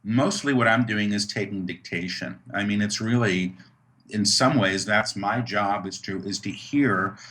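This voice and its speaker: Bright-toned reflective man. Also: lowish voice, measured pace. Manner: earnest, reflective, many restarts and "you know"s. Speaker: guest, author and medium. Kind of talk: conversational interview.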